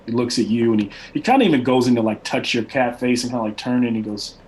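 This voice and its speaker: A man's voice: medium pitch, quick pace, darkish tone, low-quality recording. A man narrating a tabletop game as game master, with a rambling, loose delivery. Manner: rambling, many fillers and restarts.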